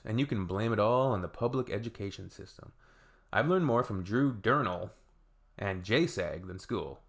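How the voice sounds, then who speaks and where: A man's voice: fairly low pitch, creaky. A man from Canada hosting a reaction video, reading comments aloud with wry, sarcastic asides.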